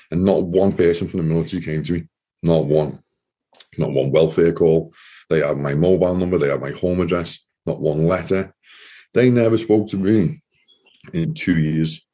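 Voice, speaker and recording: A man speaks in a very deep, husky voice with a dark tone. He gives emotional personal testimony, halting and repeating words as he struggles through it. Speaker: interview guest, former soldier.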